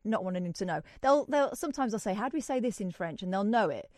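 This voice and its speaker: A woman's voice: medium pitch, animated, fast talker, darkish tone, dry recording, clean studio sound. A woman hosting a radio phone-in, chatting with a caller and laughing easily. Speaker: radio host. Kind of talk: late-night phone-in chat. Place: radio studio. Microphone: studio mic.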